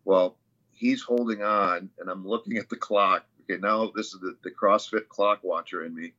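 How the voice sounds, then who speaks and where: Casual male guest, bright forceful tone, rambling storyteller, muffled lo-fi audio. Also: on the low side, fairly even intonation, moderate pace. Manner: rambling, many fillers and restarts. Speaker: interview guest, CrossFit athlete.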